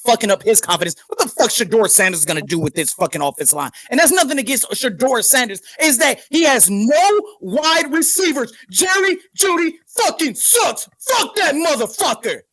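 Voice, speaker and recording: Man, furious sports podcast rant, profane, repetitive, shouting, dry close sound. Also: very high voice, very animated, a little fast, hardly any pauses, dry recording. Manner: profane, ranting, repeats himself, shouts. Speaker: podcast co-host. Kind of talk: heated sports-talk rant.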